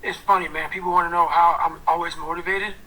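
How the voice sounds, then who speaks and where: A man giving an intense, profane motivational talk, swinging from loud, blunt bursts to hushed whispers. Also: a little high, fairly even intonation, quick pace, poor audio. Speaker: motivational speaker.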